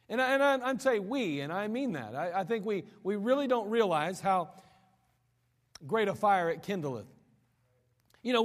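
A high-voiced man preaches a sermon, swinging from raised, emphatic lines to sudden quiet drops and often repeating words as he builds a point. A long hall reverb surrounds the recording.

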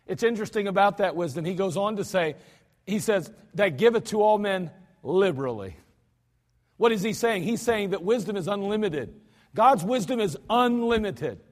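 A man preaching a sermon in a folksy, emphatic manner, with lots of repetition. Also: sits high. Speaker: pastor. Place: church sanctuary. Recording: archived church service with long hall reverb.

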